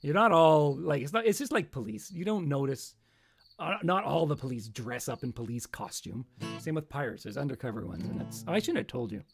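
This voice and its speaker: Man chatting on a livestream, high voice, rambling jokes, guitar clearly behind. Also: expressive, a little fast. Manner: rambling, joking, self-mocking asides. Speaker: musician hosting a livestream. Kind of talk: casual livestream chat between songs. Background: acoustic guitar.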